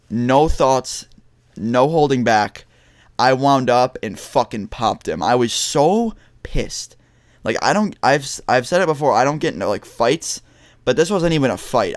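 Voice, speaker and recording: A man's voice: mid-range voice, dry recording, clean studio sound. A young man vlogging, telling a story to his viewers in a blunt, casual way with lots of swearing and restarts.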